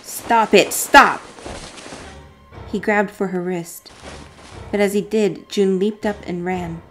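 A woman's voice: mid-range voice, fairly even intonation, measured pace, a little mellow, faint music behind. A woman reading a visual novel aloud for a gameplay video and breaking in with dry asides. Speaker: let's play narrator.

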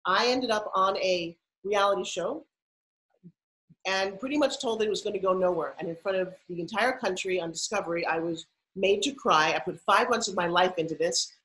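A woman's voice: mid-range voice, moderate pace, a bit bright, low-quality recording. A middle-aged woman from New York, a podcast guest telling her life story with punchy emphasis. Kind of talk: storytelling interview.

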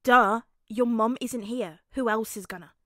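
A woman's voice: a little high, unhurried, dry recording, clean studio sound. A woman doing a grumpy, bossy little boy. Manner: gruff, scolding, loud. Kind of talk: fanfic audiobook reading.

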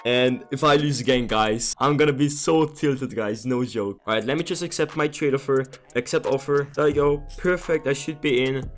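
A young man streaming his gaming, talking casually to his viewers and turning from exasperated to amused and excited. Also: fairly high pitch. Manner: excitable, exasperated, laughs a lot, talks to viewers. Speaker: gambling streamer.

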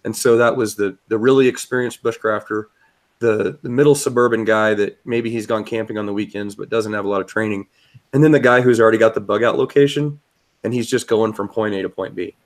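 Low male co-host nursing a cold, loose and rambling. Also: fairly even intonation, fairly quick. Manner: rambling, repeats words as he explains. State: has a cold. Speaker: podcast co-host. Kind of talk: casual chat.

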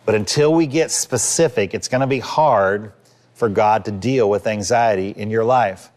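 A man's voice: on the low side, normal speed, darkish tone. A man in his fifties, a pastor giving a sermon in an earnest, conversational way, acting out little quotes.

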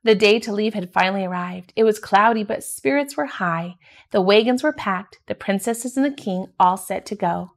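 A woman reads a children's picture book aloud, steady and gentle. Her mid-pitched voice carries a noticeable gravelly fry. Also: normal speed. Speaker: storybook reader.

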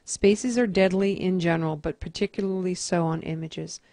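A woman teacher calmly talking through a computer task step by step in a screen-recorded tutorial. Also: fairly low pitch, moderate pace, dry recording, clean studio sound. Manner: methodical, step-by-step instruction.

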